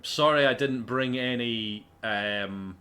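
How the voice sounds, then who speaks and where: A man's voice: mid-range voice, takes it slowly, sharp tone. A man streaming a video game, chatting casually with sarcastic jokes and swearing. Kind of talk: casual gameplay commentary.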